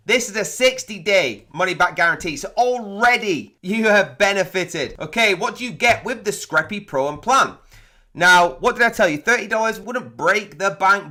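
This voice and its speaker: A man hosting a software review, rattling off feature lists in an excited, salesy pitch while walking through a website. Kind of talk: excited product review walkthrough.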